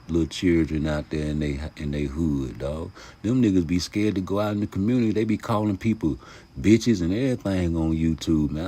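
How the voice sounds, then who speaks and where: A man hosting a casual boxing vlog, talking passionately in heavy street slang and profanity, jumping from loud outbursts to mumbled asides. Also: low-pitched, slightly rough. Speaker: YouTube boxing commentator.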